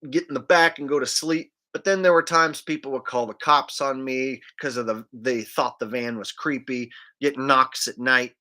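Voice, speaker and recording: A man's voice: mid-range voice, steady tone, normal speed, hardly any pauses, sharp tone. A man hosting a casual livestream, rambling loosely and dropping "man" and "like" as he talks. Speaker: livestream host.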